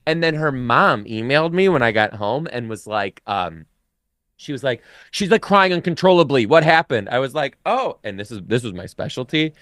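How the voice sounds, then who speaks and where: A former teacher, a man guesting on a casual podcast, emphatic and profane, jumping high in pitch when he quotes himself. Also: big pitch swings, moderate pace, fairly bright tone, no echo, studio quality. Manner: emphatic, swears freely, big pitch jumps when quoting.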